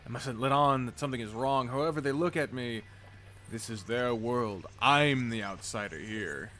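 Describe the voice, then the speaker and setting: A man's voice: medium pitch, normal speed, bright, forceful tone, a little hiss or hum, natural voice. A man reading aloud the first-person narration of a troubled young male protagonist from a visual novel, in a tense manner.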